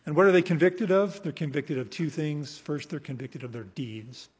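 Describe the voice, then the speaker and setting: A male preacher giving an expository sermon, emphatic, slowing down to read scripture and trailing off softly at the ends of phrases. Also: fairly high pitch, expressive, husky. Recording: long hall reverb.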